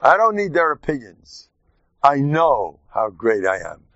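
A man giving an informal, joking Torah talk to his class, lively and animated. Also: mid-range voice, a little slow, vocal fry, dry recording. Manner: animated, jokey, mixes Yiddish and Hebrew terms. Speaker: rabbi teaching a class. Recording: dull dry lo-fi sound.

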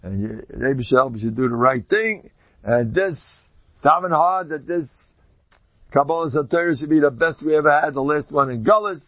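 A man giving an informal religious talk to an audience. He tells stories in an animated way, leaps up in pitch for emphasis and adds joking, self-deprecating asides. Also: moderate pace, dry recording, highs cut off. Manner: animated storytelling, jumps high in pitch for emphasis.

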